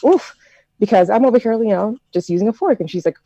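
A woman's voice: medium pitch, quick pace, mellow, dry recording, low-quality recording. An American woman telling stories in a casual group discussion, chatty and reflective with plenty of fillers. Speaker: discussion participant.

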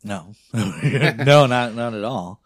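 A man's voice: mid-range voice, animated, slow, no echo, clean studio sound. A young adult man telling rambling, profane stories in casual chat. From not from a big city. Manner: profane, rambling storytelling with lots of fillers.

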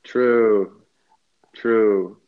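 A man's voice: on the low side, steady tone, very slow, narrow, tinny audio. A man co-hosting a casual comedy chat, making playful, absurd jokes.

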